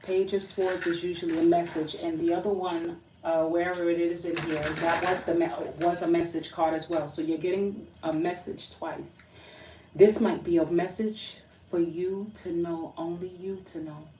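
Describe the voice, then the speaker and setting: Deep-voiced woman giving a tarot reading. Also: steady tone, moderate pace, warm tone. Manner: emotional, uneasy, talks to spirit and viewers, restarts often. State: feeling weak and agitated. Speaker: tarot reader. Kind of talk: casual tarot reading to viewers. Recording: roomy echo from a distance with background noise.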